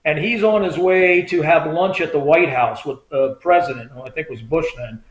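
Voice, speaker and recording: Animated storytelling man, echoey room. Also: fairly high pitch, moderate pace. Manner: animated storyteller who acts out quoted voices. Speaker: guest, former state trooper. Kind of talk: casual storytelling interview.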